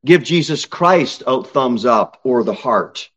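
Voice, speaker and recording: A male pastor preaching a sermon from the pulpit, reading scripture and pressing his points with slow, emphatic stresses and sudden raised peaks. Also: mid-range voice, lively intonation, a bit bright. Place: church sanctuary, at the pulpit.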